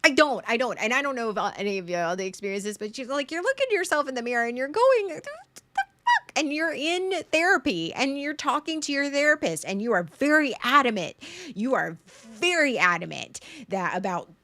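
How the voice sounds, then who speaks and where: A woman's voice: a little high, lively intonation, brisk, bright, forceful tone. A woman hosting a podcast, talking through a frank, emotional monologue that rambles, restarts and repeats words as she goes. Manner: frank and emotional, swearing at times. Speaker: podcast host.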